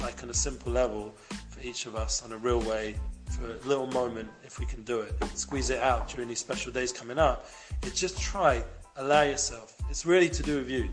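A man giving a motivational talk to a live group indoors, rambling and animated, full of "like", breaking into loud sound effects. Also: mid-range voice. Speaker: guest speaker at a community gathering.

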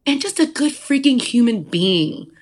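A woman's voice: fairly high pitch, animated, unhurried. A woman guest on a podcast, talking about faith and praying aloud with feeling, emphatic and full of restarts. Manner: emotional, emphatic, with repeated restarts. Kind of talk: heartfelt faith talk and spoken prayer. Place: podcast interview.

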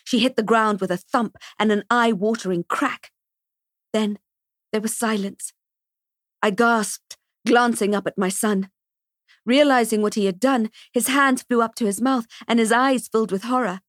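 A woman narrating a dark first-person story for an audiobook, with a steady, earnest, emotional reading on a close studio microphone. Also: fairly high pitch, normal speed, no room sound.

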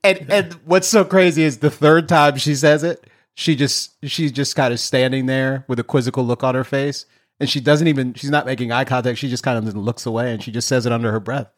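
A man hosts a relaxed podcast chat, his voice in a middle register. He tells stories with animated swings and laughs often as he goes. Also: mid-range voice, fairly quick. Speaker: podcast host.

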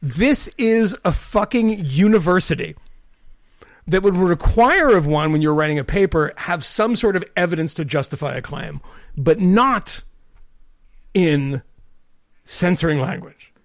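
A man's voice: high-pitched, animated, unhurried, dry recording. A man co-hosting a podcast, tipsy after cocktails, trading crude, sarcastic jokes in casual banter. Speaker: podcast co-host.

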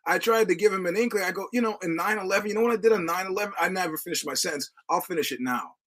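A man's voice: high voice, very fast, fairly bright tone, low-quality recording. Wry, profane middle-aged man. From United States. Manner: digressive storytelling with many restarts and quoted voices. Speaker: podcast host. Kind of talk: casual rambling monologue.

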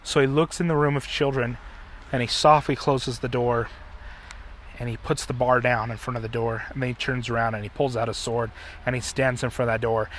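A middle-aged man hosting a podcast, casually retelling a story in an animated way and acting out the quotes. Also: medium pitch, a little fast, slight background noise. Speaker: podcast host.

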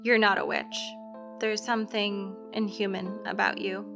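A woman voicing a sly fae man who poses as a bartender, speaking low, quiet and knowing. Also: little pitch movement, normal speed, creaky, music in the background, close to an everyday voice. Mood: menacing.

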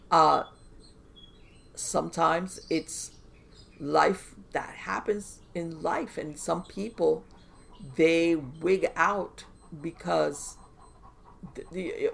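A woman guest on a podcast, telling stories in a casual, animated way with lots of fillers and restarts. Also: on the low side, vocal fry. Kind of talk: casual conversational storytelling.

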